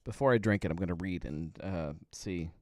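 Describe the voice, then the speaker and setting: A laid-back man in his thirties chats casually from home as host of a live happy-hour show. His voice sits fairly low, and the sound is close and dry with no room echo. He rambles easily and chuckles often. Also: a little fast, a little mellow. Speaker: podcast host. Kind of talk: casual live-stream chat.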